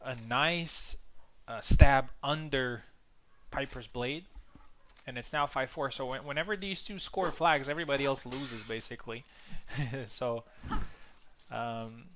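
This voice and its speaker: A man whose first tongue is a Latin language calls a tournament match live, at an ordinary mid pitch. His delivery is casual and halting, full of fillers and restarts. Noticeable background noise runs under the recording. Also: fairly bright tone. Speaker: tournament commentator. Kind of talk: live game commentary.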